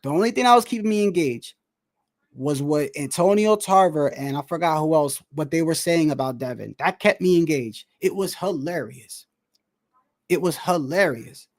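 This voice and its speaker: High-pitched guy riffing on a boxing match, animated, laughing, calls everyone bro. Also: normal speed. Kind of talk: casual fight commentary chat.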